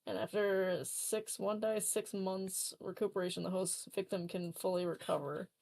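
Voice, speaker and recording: A woman playing in a tabletop game, reading the rules text aloud in a steady way. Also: medium pitch, moderate pace, gravelly. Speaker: player.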